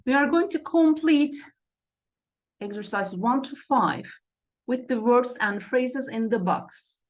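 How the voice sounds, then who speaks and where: A woman teaching English vocabulary, repeating each word pair slowly and checking in with "okay" and "right". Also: a little high, lively intonation. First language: Turkish. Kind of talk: slow classroom lesson explanation.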